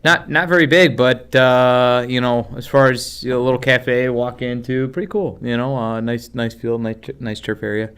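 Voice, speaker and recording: A man's voice: medium pitch, steady tone, moderate pace, few pauses, fairly bright tone, clean tone. A man co-hosting a casual soccer chat, teasing his friends and chatting easily. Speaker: co-host.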